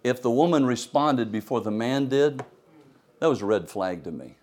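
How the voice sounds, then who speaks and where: A middle-aged male pastor preaching a storytelling sermon, animated, swinging between loud emphasis and quiet asides. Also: mid-range voice, normal speed.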